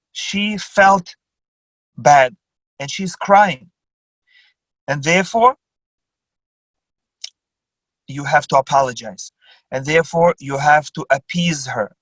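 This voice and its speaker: A man, a rabbi, giving a religious lecture over a video call, teaching deliberately and emphatically with rhetorical questions. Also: on the high side, a bit bright, no echo, low-quality recording.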